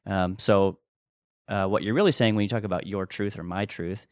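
A man with a deep, steady voice co-hosts a casual teaching podcast, speaking at a normal speed in an earnest, rambling manner with restarts and chuckles. The studio recording is clean, with no room sound.

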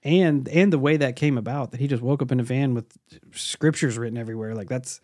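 A man's voice: medium pitch, brisk, darkish tone, no echo, studio quality. A male podcast host chatting casually and reading a listener's story aloud in a laid-back, profane way.

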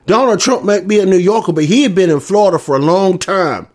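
A man's voice: high-pitched, a little fast, darkish tone. A man with a Southern US accent delivering a combative, profane, repetitive rant. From American South. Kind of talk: ranting monologue.

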